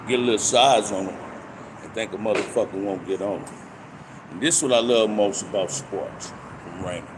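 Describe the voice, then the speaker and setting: An older man telling stories from his past in casual street slang, and he gets animated when he reenacts fights. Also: fairly low pitch, background noise. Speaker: storyteller recounting prison life. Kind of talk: casual storytelling monologue.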